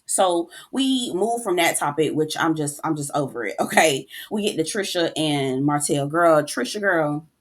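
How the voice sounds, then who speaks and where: A woman hosting a reality TV recap, talking in a casual, animated and sassy way, cursing freely and calling the listener "girl". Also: deep voice, normal speed, hardly any pauses. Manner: profane. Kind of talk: casual opinionated recap rant.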